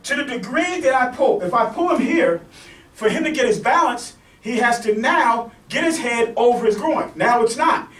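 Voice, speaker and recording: Male self-defense instructor, very high voice, repetitive check-ins while demonstrating; echoey space, distant mic. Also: lively intonation, normal speed, a bit bright. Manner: repetitive, checks in with "okay?" and "right?"; demonstrating moves on a partner. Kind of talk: teaching demonstration. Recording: echoey room, mic far off.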